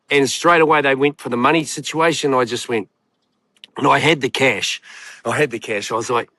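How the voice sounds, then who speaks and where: A middle-aged man, a guest telling stories in casual chat, excitable and blunt. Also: mid-range voice, fast, dry recording. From New Zealand. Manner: excitable storyteller, blunt and candid.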